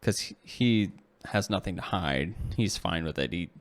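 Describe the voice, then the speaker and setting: A man's voice: sits low, animated, a little slow. A man co-hosting a podcast, casually telling a long story, rambling with lots of "like" and "you know" and correcting himself as he goes. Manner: self-correcting, self-deprecating asides. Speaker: podcast co-host.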